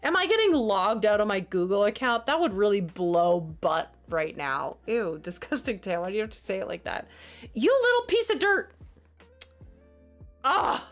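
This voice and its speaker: A woman's voice: mid-range voice, expressive, moderate pace, hardly any pauses, faint music behind. A woman streamer chatting casually on a livestream, flustered, exasperated and apologetic.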